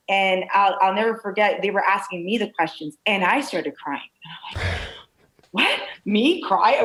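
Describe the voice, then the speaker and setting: A woman's voice: medium pitch, rough recording. Candid woman telling stories in an interview. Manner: animated, candid storytelling with many restarts. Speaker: real estate broker owner. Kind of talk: conversational interview answer. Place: video call.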